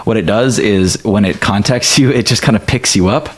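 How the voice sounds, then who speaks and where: A man's voice: fairly low pitch, moderate pace. A man narrating as game master of a tabletop game, rambling with many fillers.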